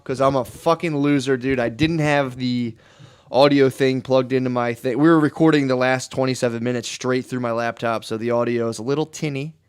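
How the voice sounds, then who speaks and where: Man co-hosting a podcast, excitable, swears a lot, mid-range voice. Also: mid-range voice, fairly quick, clear, resonant tone. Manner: profane, excitable. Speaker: podcast co-host. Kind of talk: casual comedic chat.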